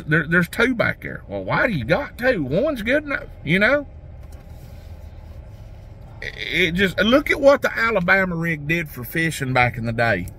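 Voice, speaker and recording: A man's voice: on the high side, bright, forceful tone. A man, rambling folksy talk about fishing as a vlogger, outdoors by a lake. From Tennessee. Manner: folksy, rambling, restarts a lot. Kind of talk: casual rambling talk to camera.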